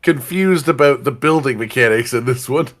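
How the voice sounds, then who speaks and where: A man's voice: mid-range voice, normal speed, fairly bright tone. Dry, level man reasoning aloud. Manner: dry, reasoning, hesitant restarts. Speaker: gaming channel co-host. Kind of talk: casual gameplay banter.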